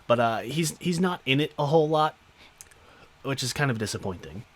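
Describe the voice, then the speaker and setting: A man's voice: mid-range voice, expressive, moderate pace. A man hosting a podcast, giving an unscripted, rambling solo film review with lots of fillers and casual swearing. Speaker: podcast host.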